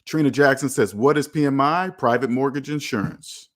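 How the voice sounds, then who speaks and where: A man hosting a live personal finance stream, answering viewer comments in a blunt, animated way and acting out the people he quotes. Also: mid-range voice, moderate pace.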